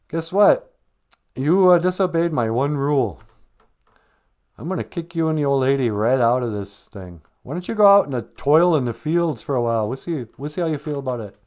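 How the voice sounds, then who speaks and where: A man's voice: fairly low pitch, a little mellow, close to an everyday voice. An exasperated fatherly God scolds his wayward children with sarcastic bluntness. A man voices him in a funny retelling. The tone is casual and close to the teller's own. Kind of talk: comic storytelling.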